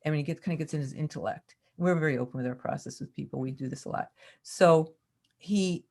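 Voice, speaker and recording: Animated woman teaching about relationships. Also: low voice, quick pace. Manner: expressive, acts out quoted lines, laughs often. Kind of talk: teaching talk on a community call.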